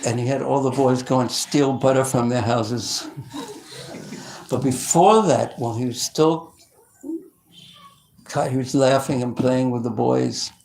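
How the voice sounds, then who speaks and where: A male preacher telling devotional stories in a lively sermon, often stopping and restarting his sentences. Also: medium pitch, unhurried, creaky, pauses often, rough recording. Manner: animated, with frequent restarts.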